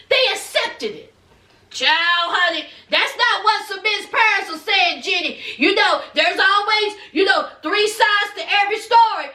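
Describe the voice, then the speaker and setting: A woman's voice: extremely high pitch, pushed and bright. A woman giving a casual gossip recap of a reality show, sassy and drawling, with many asides to her viewers. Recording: echoey room.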